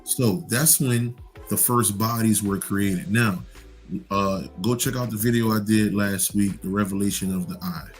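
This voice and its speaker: Low-pitched guy rambling about spirituality, swears a lot, restarts, soft music behind. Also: unhurried. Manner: rambling, profane, lots of restarts. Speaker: host. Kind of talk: casual spiritual monologue.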